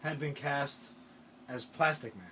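A male podcast co-host in casual comedic chat, animated and swearing freely, breaking into theatrical outbursts. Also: medium pitch, measured pace, slight background noise.

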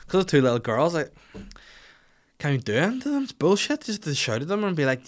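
A podcast host in his 30s talks quickly in a highish, sing-song voice. His casual chat is rambling comic banter full of crude jokes.

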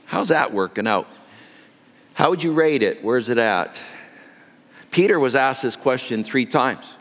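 A man's voice: mid-range voice, lively intonation, unhurried, a bit bright, long reverb tail. A male pastor delivering an earnest, emphatic sermon.

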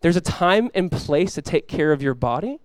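A man's voice: a little high, very animated, moderate pace, clear, resonant tone, no echo. A man preaching a sermon as pastor, talking casually with the congregation and rising into emphatic bursts.

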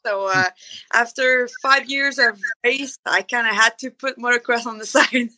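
A woman with a French accent talks through an interview. Her voice sits high and sounds very bright and forward. She is relaxed and hesitant, filling her pauses with soft uhs. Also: poor audio. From France. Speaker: monster truck driver. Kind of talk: interview answers.

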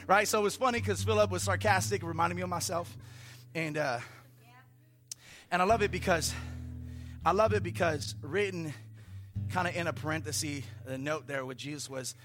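A man preaching a conversational sermon in a church, telling a story in an animated way with playful asides. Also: a little high, moderate pace, long pauses, soft background music. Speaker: pastor.

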